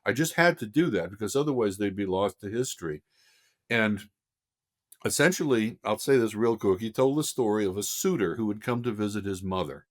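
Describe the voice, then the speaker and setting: An older man, a film director guest on a podcast, telling a lively story and acting out voices. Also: lowish voice, a little fast. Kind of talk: casual anecdote telling.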